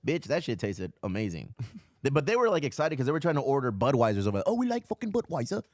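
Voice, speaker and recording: A man's voice: mid-range voice, fast, a little hiss or hum. A man hosting a podcast in casual chat, telling profane, joking stories. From Mexican American from San Diego area. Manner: profane, joking, animated storytelling. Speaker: podcast host.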